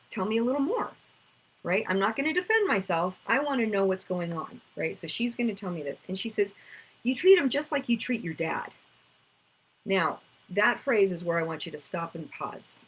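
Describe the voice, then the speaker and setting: A woman's voice: lowish voice, husky, low-quality recording. A woman, teaching about inner child work in a casual storytelling way, acting out conversations. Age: 50s.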